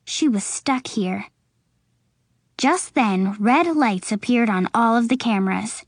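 A woman reads a children's story aloud at an unhurried pace, her voice sitting a little high. She leans into the drama of each scene. The sound is dry and close, with no room around it. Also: no echo. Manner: slow, expressive reading with voices for characters. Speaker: audiobook narrator. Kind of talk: storybook narration.

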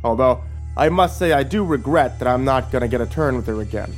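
A man puts on a villainous sheriff for a horror story, his voice pitched well above his own and pushed out louder. The sheriff drawls and sneers, mocking with cold cruelty. Soft music plays beneath. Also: lively intonation, brisk, natural voice.

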